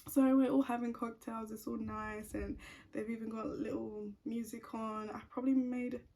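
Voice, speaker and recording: Husky, gravelly young woman. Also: a little high, little pitch movement, moderate pace, a little mellow. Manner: chatty, frequent "like" fillers. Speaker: vlogger. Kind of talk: casual storytime. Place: at home.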